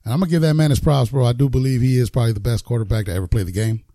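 A man's voice: mid-range voice, very fast, dark tone, no room sound, clean studio sound. A man co-hosting a casual podcast, talking slangy, calling people bro and acting out quotes from his son. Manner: slangy, acts out quotes with laughs. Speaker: podcast co-host. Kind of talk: casual faith chat.

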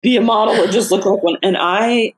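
A middle-aged woman, a memoir author, telling personal stories in a casual interview, animated and often laughing. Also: medium pitch, fairly quick.

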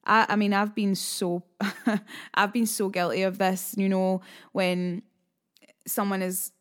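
A woman's voice: medium pitch, little pitch movement, slow pace. Frank Scottish woman podcast host. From Scotland. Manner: frank, chatty, sassy asides. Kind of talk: casual self-help podcast talk.

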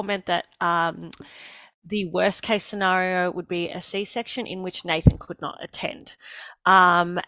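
A young woman with an Australian accent tells her story in a lively, joking way. She acts out the lines of the people in it as she goes. The sound is dry and close. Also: medium pitch, no echo. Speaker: guest telling her birth story. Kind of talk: casual storytelling.

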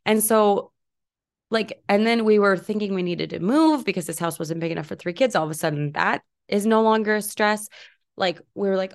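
A woman's voice: medium pitch, moderate pace. A woman in her thirties hosting a podcast alone, talking in a chatty, upbeat way with lots of fillers and acted-out asides. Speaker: podcast host. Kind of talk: casual solo podcast chat.

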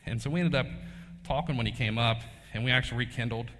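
Folksy preacher in a reverberant hall. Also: male voice, mid-range voice, fast talker, a bit bright. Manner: folksy, storytelling, laughs often. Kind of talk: casual sermon with personal story.

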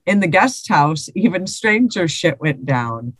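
A woman's voice: on the low side, very animated, measured pace, dry recording. A woman co-hosting a podcast, chatting casually and reading listener stories aloud with laughs and swearing. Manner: laughing, swearing, repeats herself.

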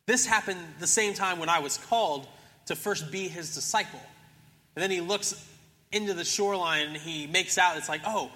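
A young man preaching to a church with a very bright, forceful voice that rides a little high for a man. He tells the story casually and acts out each character's lines. The long reverb of a big church sanctuary trails behind his words. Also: normal speed. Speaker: pastor. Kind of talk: sermon.

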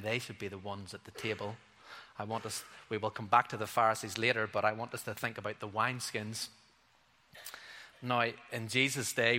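A man's voice: on the low side, sharp tone. A male pastor preaching a sermon. He talks earnestly and conversationally and drops in playful asides. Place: church hall. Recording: long hall reverb.

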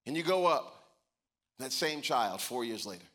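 Bright-voiced man preaching a story. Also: mid-range voice, measured pace. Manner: storytelling, animated, building to emphatic preaching. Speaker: pastor. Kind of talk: sermon.

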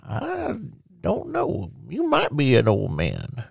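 A man's voice: fairly high pitch, wildly swooping pitch, takes it slowly, creaky, slightly rough, no room sound, studio quality, voice pushed up, exaggerated voice. A man voicing a cranky old man who grumbles in a folksy drawl about young folks. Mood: grumbling.

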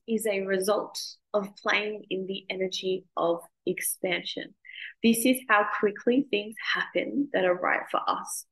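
An Australian woman in her thirties talks straight to her listeners in a loose, chatty podcast monologue. Her middle-pitched voice has a gravelly edge, and she swears freely as she goes. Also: fairly even intonation, measured pace, fairly bright tone, low-quality recording. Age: 30s. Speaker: podcast host. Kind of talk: casual monologue.

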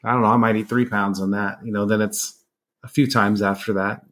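A man's voice: on the low side, little pitch movement, brisk, fairly bright tone. A man in his forties, a guest in a casual interview, answering in a plain, matter-of-fact way. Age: 40s.

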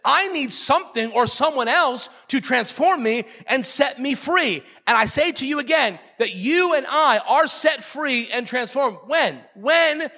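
A man's voice: extremely high pitch, expressive, measured pace, few pauses, sharp tone, slightly rough, in a large hall. A man preaching a sermon as pastor, emphatic and repetitive, joking with his congregation. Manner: emphatic, repeats key phrases, jokes with the congregation.

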